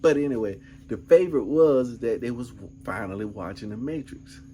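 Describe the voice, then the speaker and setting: A man's voice: medium pitch, mellow, slight background noise. A middle-aged man vlogging, telling a rambling, laid-back story full of asides. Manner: laid-back, rambling, peppered with "man" and "you know what I'm saying". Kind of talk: casual storytelling.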